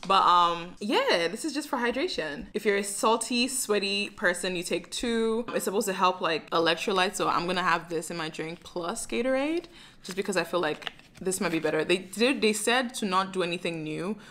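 A woman chatting excitedly in a casual vlog, bubbly and quick to laugh. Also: medium pitch. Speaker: vlogger. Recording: noisy handheld vlog audio.

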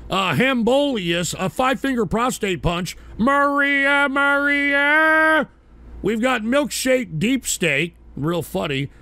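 Brash, high-voiced male radio host. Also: fairly bright tone, no room sound. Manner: brash, rambling, mock-indignant. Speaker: host of a call-in radio show. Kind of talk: casual profane radio banter reading out chat names.

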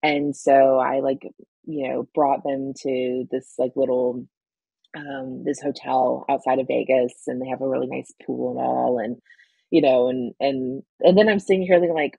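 A woman's voice: sits low, normal speed, gravelly, warm tone, breathy edge, dry recording, highs cut off. A woman in her forties telling her story as a cancer patient in an interview, earnest and emotional, with frequent restarts. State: emotional, near tears.

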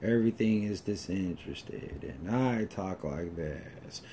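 A man putting on the voice of a bored, uninterested teenage girl princess in a slow, mumbled monotone drawl. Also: low-pitched, a little hiss or hum, pitched below the performer's own voice.

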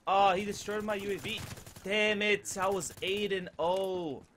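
A young man giving excited gameplay commentary, breaking into loud outbursts and trash talk. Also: high voice, unhurried, slight background noise. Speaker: gaming video creator.

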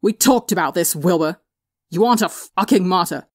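A man's voice: sits high, normal speed, no room sound, clean studio sound. A woman doing a furious tearful teenage boy. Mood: angry tearful. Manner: yelling, cursing, tearful.

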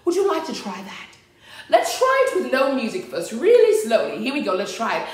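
A woman's voice: a little high, huge pitch swings, fairly quick. A woman hosting a children's storytime in a giggly, theatrical way, often exclaiming "oh dear". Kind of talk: playful storytime talk to children. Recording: very echoey room with faint music.

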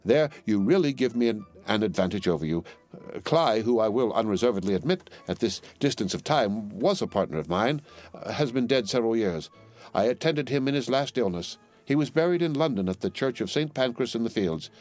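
A man voicing a slippery, smooth-talking male spy who speaks in a wheedling, evasive way. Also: mid-range voice, lively intonation, fairly quick, darkish tone, faint music behind, pitched above the performer's own voice, lightly acted. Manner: wheedling, evasive, hesitant fillers.

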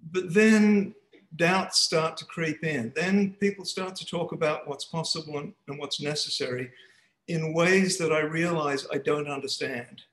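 A man's voice: fairly high pitch, a little slow, fairly bright tone, echoey room, rough recording. A man giving an academic seminar talk over a video call, speaking hesitantly with many restarts. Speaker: guest speaker. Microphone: computer mic on a video call.

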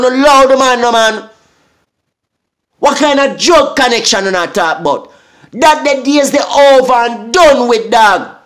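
A Jamaican man with a high voice rants to camera, heated and full of swearing. He keeps asking "eh?" to drive each point home. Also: a bit bright. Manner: profane, heated, repeating "eh?". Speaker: vlogger. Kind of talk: angry rant.

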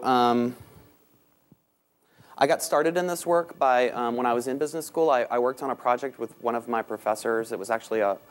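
A man with a Southern US accent giving a conference talk on business topics. He speaks quickly with many "um"s and pokes fun at himself. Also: mid-range voice. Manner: self-deprecating, quick, many ums. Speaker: panel speaker. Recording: talk recorded in a meeting room.

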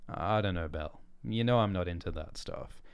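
A man's voice: low-pitched, moderate pace, clear, resonant tone. A man voicing Erling, a weary and sleepless young man who speaks hesitantly. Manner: hesitant, tired.

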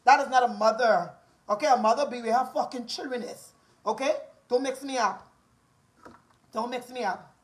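High-voiced Bahamian woman, combative rant. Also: moderate pace, pauses often, poor audio. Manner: combative, profane, repetitive taunting. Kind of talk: angry rant to camera.

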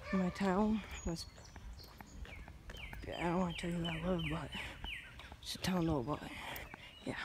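Woman walking around vlogging on her phone, slow rambly talk, silly sound effects, lots of outdoor noise behind. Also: on the low side. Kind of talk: casual walking vlog. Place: outdoors on a walk through town. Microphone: handheld phone camera. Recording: phone video with clear outdoor background noise.

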